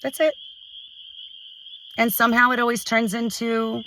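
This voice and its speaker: A middle-aged woman venting to a phone camera at home, frustrated and halting, restarting her sentences often. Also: on the high side, fairly even intonation, bright, forceful tone, far from the mic, a little hiss or hum, low-quality recording. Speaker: vlogger. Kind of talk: emotional personal vent to camera.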